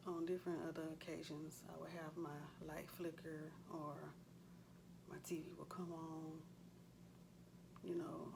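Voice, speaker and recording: A woman in her forties speaks in a low voice with a gravelly edge. She chats casually and earnestly, her voice staying fairly level. A faint hiss sits under the recording. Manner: earnest, heartfelt storytelling; loose, conversational with frequent fillers. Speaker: vlogger. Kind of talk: casual chat.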